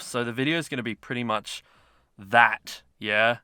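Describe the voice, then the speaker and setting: Man, casual game commentary, chatty, rambling, forceful tone, dry close sound. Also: medium pitch, moderate pace, clear, resonant tone, no room sound. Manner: chatty and rambling, self-mocking asides. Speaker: mobile game YouTuber.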